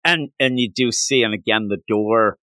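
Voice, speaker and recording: A man co-hosting a podcast in casual discussion, talking in an animated way and retelling scenes with lively jumps in pitch. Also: moderate pace, dry recording. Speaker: podcast co-host. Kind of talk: casual discussion of a manga chapter.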